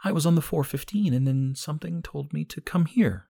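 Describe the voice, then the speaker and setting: A man voicing a gentle young woman with a soft, melodic manner. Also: fairly quick, creaky, husky, dry recording. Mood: gentle, curious. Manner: soft, melodic, raised pitch.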